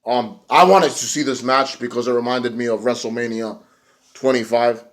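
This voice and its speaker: Male reviewer, casual recap, loose and profane, with mid-range pitch. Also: fairly even intonation, normal speed. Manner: rambling, profane, many fillers. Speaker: wrestling show reviewer.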